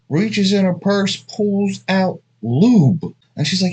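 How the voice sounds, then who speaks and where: A man's voice: high-pitched, lively intonation, measured pace, hardly any pauses, a little mellow, slightly rough. A man in his thirties giving blunt, crude dating advice in a rambling, casual monologue full of asides. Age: 30s.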